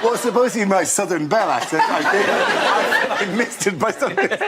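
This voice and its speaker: A man's voice: high voice, expressive, a little fast, over a noisy crowd, very noisy. A man hosting a comedy panel show, giggling and mocking himself. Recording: studio audience laughing behind.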